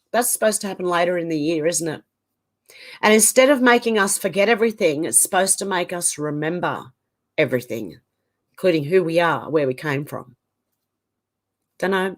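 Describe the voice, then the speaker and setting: Casual Australian woman reading live chat. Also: on the low side. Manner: reads out chat comments and reacts conversationally. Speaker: livestream host reading viewer comments.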